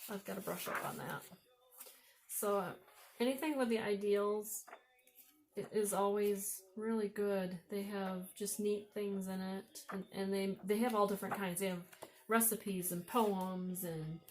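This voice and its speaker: Her mid-range, darkish voice holds a fairly even intonation at normal speed, with slight background noise behind it. An Upper Midwest American vlogger, she casually shows off thrift-store vintage books, musing out loud as she admires their illustrations.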